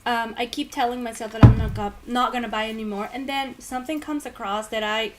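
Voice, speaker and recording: High-voiced chatty woman co-host. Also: steady tone, a little fast, a little mellow, faint music behind. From Canada. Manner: chatty, laughs often. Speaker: podcast co-host. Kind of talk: casual chat. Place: home. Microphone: phone camera.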